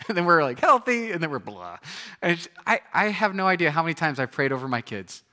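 A man in his thirties preaching a sermon in a conversational, animated storytelling way, often repeating his words. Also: fairly high pitch, brisk.

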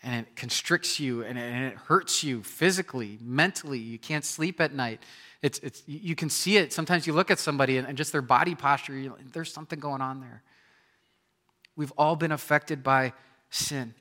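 A man in his thirties preaching a sermon, telling a personal story with animated storytelling and acting out scenes with sudden loud outbursts. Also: mid-range voice, moderate pace. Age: 30s. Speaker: pastor.

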